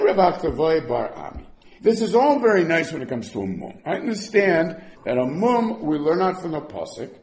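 A man's voice: on the high side, a little mellow, echoey room. A man teaching a Talmud lesson, asking and answering questions back and forth as he explains.

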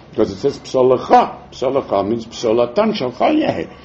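A man teaching a Talmud class, explaining verses in a lively way with frequent chuckles, on a dull lo-fi recording. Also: mid-range voice, moderate pace, a little hiss or hum.

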